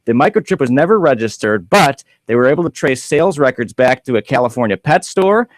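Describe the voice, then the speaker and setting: A man's voice: medium pitch, animated, fairly quick, no echo. A man hosts a morning call-in radio show in an upbeat, chatty manner. His voice sits mid-range. It is recorded close and dry in a studio booth. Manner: upbeat, repeats the phone number, easy banter. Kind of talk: casual radio chat.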